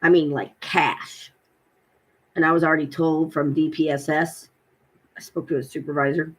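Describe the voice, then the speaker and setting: Husky woman telling a frustrated story. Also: low voice, normal speed. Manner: animated storytelling, acts out both sides of phone calls. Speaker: vlogger. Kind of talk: casual personal vlog.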